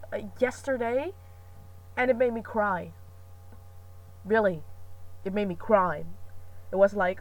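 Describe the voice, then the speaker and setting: A woman's voice: medium pitch, far from the mic, rough recording. Young female vlogger, chatty and rambling, pokes fun at herself. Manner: rambling, chatty, self-mocking, many fillers. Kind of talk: casual chat.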